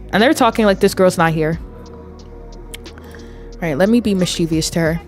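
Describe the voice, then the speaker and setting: A woman's voice: fairly low pitch, moderate pace, pauses often, faint music behind. A woman giving casual, amused commentary on her life-sim game, narrating what her characters do. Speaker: gameplay video creator.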